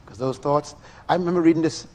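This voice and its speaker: A middle-aged man preaching a sermon, animated and full of rhetorical questions to his listeners. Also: fairly high pitch, fast talker.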